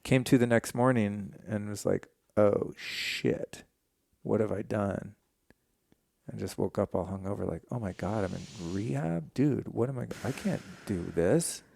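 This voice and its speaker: A man in his forties appears as a podcast guest, candidly retelling a personal story in a casual, profane, animated way. His voice is on the low side, gravelly, and measured in pace, with no echo.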